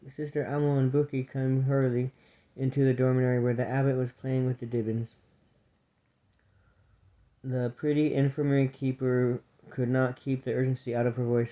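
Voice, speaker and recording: A man reading a children's story aloud, in a steady, unhurried narration. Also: mid-range voice. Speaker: audiobook reader. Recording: dull lo-fi recording.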